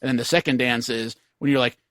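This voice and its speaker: A man with a bright, forceful voice spins a long, rambling anecdote in relaxed podcast talk, full of little fillers and restarts. The sound is dry and close, with no room around it. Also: mid-range voice, fast talker, no echo. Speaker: podcast co-host. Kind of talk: casual chat.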